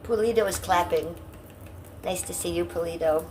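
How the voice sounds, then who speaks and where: A woman's voice: lowish voice, moderate pace, slight background noise. A middle-aged woman from Ohio chatting casually on a live stream, blunt and profane, reading out and answering her chat. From Cleveland, Ohio, USA.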